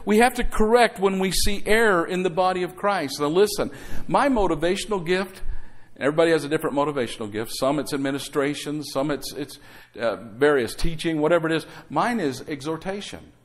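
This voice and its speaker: A man's voice: on the high side, fairly quick, hardly any pauses. A middle-aged man preaching a sermon as pastor, exhorting the congregation to say amen and throwing in conversational asides and rhetorical questions.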